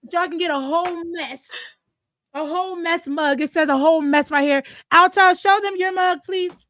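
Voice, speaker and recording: A woman's voice: extremely high pitch, moderate pace, a bit bright. A woman hosting a casual chat show, frank and emotional, with slang and cursing. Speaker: host.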